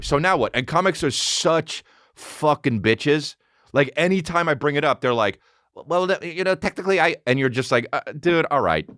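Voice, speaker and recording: Profane animated man telling a story. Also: medium pitch, dry recording, studio quality. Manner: profane, animated, acts out both sides of conversations. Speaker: podcast host. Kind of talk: casual comedic storytelling.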